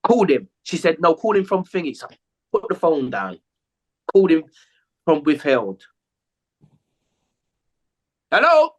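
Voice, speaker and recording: Man, casual podcast chat, animated storyteller, very lively pitch, swears freely. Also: moderate pace, long pauses. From England. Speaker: podcast co-host, former footballer.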